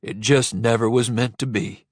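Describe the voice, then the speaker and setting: A man putting on a kindly, frightened middle-aged trucker in an audiobook, speaking a shade lower than the narrator. The delivery is soft and pleading, set in a dry, close sound. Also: fairly even intonation, moderate pace, dry recording, lightly acted.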